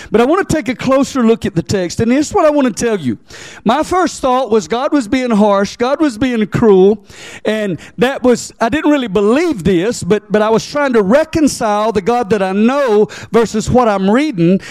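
High-voiced man preaching conversationally. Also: darkish tone, dry recording, studio quality. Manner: conversational preaching, frequent "right?" and "amen?" asides to the congregation; repeats words as he restarts sentences. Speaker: pastor. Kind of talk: sermon.

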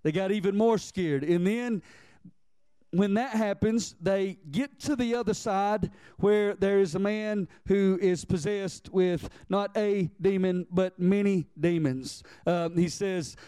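A man preaching as pastor reads scripture in old-fashioned wording, calls for the congregation to answer back and slows down to stress key phrases. His voice sits high and is steady, warm, clear and resonant, with no room sound.

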